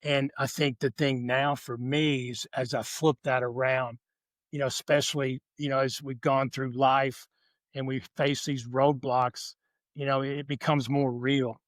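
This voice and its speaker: An older man speaking as a podcast guest at a live conference session, reflective and halting, often restarting his thoughts. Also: mid-range voice, flat delivery, no room sound. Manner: halting, frequent "you know" and restarts. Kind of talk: reflective conversation.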